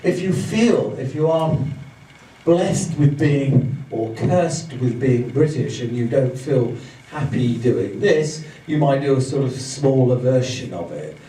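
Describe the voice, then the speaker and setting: A man's voice: medium pitch, expressive, slow pace, warm tone. Demonstrative male trainer in a roomy hall. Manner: demonstrative, acts out speeds and gestures as he explains. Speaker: communication trainer. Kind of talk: live training seminar talk. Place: training room with an audience. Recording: roomy, distant, faint background hum.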